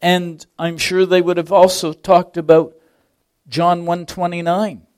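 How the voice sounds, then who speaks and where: A man preaching a sermon with slow, deliberate phrasing, dropping to near whispers and then rising to loud emphasis on key words. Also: sits high, flat delivery, smooth.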